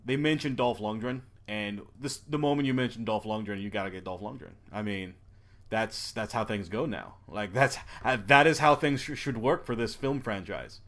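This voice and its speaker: A man's voice: fairly low pitch, normal speed, a bit bright. A man co-hosting a casual podcast, joking bluntly and swearing offhandedly. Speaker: podcast co-host. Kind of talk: casual panel chat.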